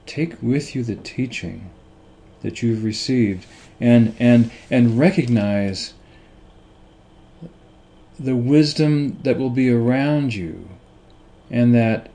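A middle-aged man teaching from the Bible, halting and repeating himself, stressing points with rhetorical questions. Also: lowish voice, mellow. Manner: halting, repeats words and restarts. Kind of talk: slow unscripted Bible teaching.

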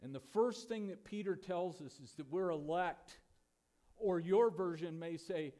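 A man's voice: sits high, measured pace, warm tone. A pastor preaching a sermon to his church, emphatic and full of rhetorical questions.

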